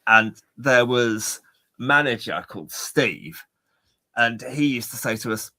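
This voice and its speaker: An English man co-hosting a casual podcast chat, rambling through anecdotes with plenty of false starts. His pitch sits right in the everyday middle for a man, and his delivery is relaxed and conversational. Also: a little slow. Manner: rambling storyteller, many restarts. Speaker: podcast co-host.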